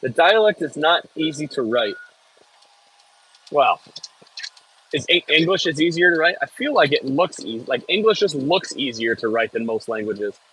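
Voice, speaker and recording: This American man is livestreaming from inside a heavy machine bumping over frozen ground outdoors, reading viewer messages aloud and swearing when the ride jolts. As an equipment operator, he sounds fairly high, expressive, a bit bright and slightly rough, speaking at normal speed on a rough recording.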